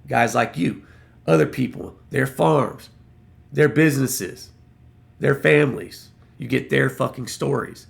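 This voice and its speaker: A man with a deeply gravelly, fry-heavy voice vents to his viewers in a loose, folksy rant. He swears freely and sounds fed up. His pitch sits at an ordinary middle level for a man. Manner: angry, profane, folksy. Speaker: political vlogger. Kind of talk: casual rant to camera.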